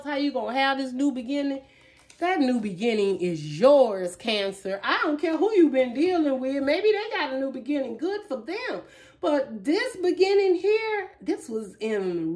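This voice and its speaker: High-voiced emphatic tarot reader woman. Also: a little mellow. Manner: emphatic, chatty, emotional, addresses viewers directly. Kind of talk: casual tarot reading to viewers.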